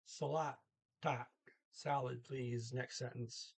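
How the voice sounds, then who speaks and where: Slow, husky-voiced man tutoring. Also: mid-range voice. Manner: slow, halting, thinking aloud with many pauses; sounds out foreign words carefully, then translates. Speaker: language tutor. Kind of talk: casual self-recorded language lesson.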